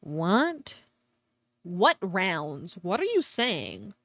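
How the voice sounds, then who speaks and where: A woman's voice: on the low side, wildly swooping pitch, drawn-out words, a bit bright, no echo. A woman streamer reading a fan story aloud with sarcastic commentary, swearing freely and laughing often, at a home desk mic.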